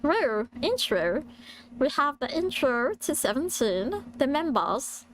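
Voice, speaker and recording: A woman voicing the small alien creature Stitch, squeaky and straining, with an attempted British accent. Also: big pitch swings, slow pace, fairly bright tone, full character voice. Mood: giggly. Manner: squeaky, straining, giggling through words. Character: small mischievous alien creature, high-voiced.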